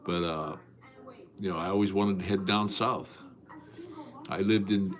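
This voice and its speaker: A man with a very low, deep voice hosts a casual livestream from his home. He greets viewers by name and drifts from story to story in a folksy way. His speech is loose and rambling, with plenty of "uh" and false starts. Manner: folksy, rambling, with many fillers and restarts. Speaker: livestream host.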